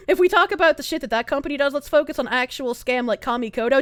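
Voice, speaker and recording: A woman streamer ranting fast and heatedly during a live stream, swearing often and breaking into laughter. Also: sits high, very noisy.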